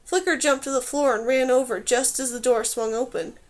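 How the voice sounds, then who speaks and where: A woman reading a fantasy novel aloud in steady, clear scripted narration. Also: sits high, moderate pace. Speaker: audiobook reader.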